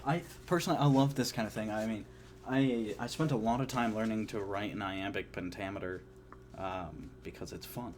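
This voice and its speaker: A young man talking casually to camera about his hopes, eager but halting, with many restarts. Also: fairly low pitch, a little hiss or hum. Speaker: vlogger.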